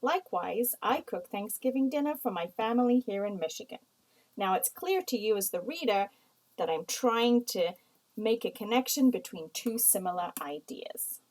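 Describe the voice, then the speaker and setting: Woman teaching writing slowly, bit high. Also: low-quality recording. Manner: slow, explanatory, reads example sentences aloud. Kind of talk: recorded writing lesson.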